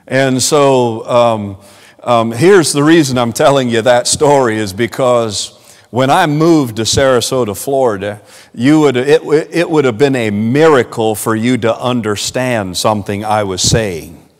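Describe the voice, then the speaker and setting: A pastor from West Virginia with a West Virginia Southern accent and an Amish German first language, preaching a sermon in an earnest, homespun way. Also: male voice, medium pitch, unhurried. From West Virginia, USA. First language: Amish dialect of German. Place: church sanctuary. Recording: long reverb of a church hall.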